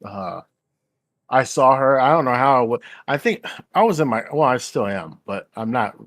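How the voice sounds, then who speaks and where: A man's voice: mid-range voice, expressive, normal speed, fairly bright tone, no echo. Man, stream host, casual chat, rambling, crude, dry close sound. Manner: rambling, crude and laughing easily.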